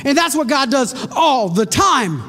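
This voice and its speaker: Woman preacher, high voice, sermon, dramatic storytelling, rhetorical questions, speaks straight to the congregation. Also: big pitch swings, measured pace, fairly bright tone, soft background music. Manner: addresses the congregation directly.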